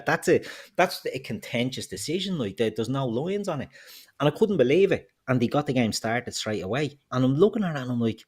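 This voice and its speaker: A man's voice: medium pitch, lively intonation, brisk. A man co-hosting a football podcast, ranting heatedly and swearing freely. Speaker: podcast co-host.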